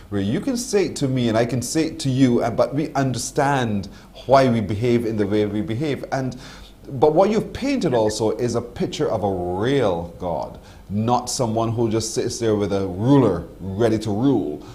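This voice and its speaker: A man hosting a morning TV interview, his speech rising and falling with a lively pitch range. He sums up his guest's points in reflective, almost preached phrases and frequently affirms what she says. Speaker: morning show host. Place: TV studio.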